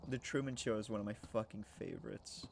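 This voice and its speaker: A man's voice: on the low side, quick pace, creaky, slight background noise. A man chatting casually to his viewers during a game stream, joking and swearing as he rambles. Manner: joking, profane, rambling, laughs often; talks to chat. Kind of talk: casual live-stream chat while gaming.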